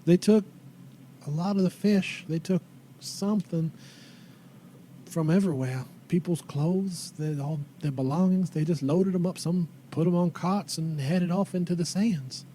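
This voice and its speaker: A man's voice: a little high, measured pace, dark tone, a little hiss or hum, voice pushed up, close to an everyday voice. A man voicing a worried old woman who keeps a tavern, talking in plain rustic grammar. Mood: plaintive. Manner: folksy country grammar, plaintive.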